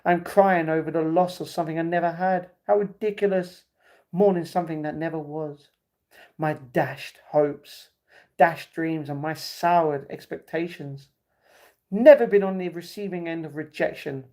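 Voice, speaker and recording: A man's voice: a little high, fairly even intonation, normal speed, a little mellow. A man reading a novel aloud on a live stream, stumbling and correcting himself, with breaks where he laughs at the chat.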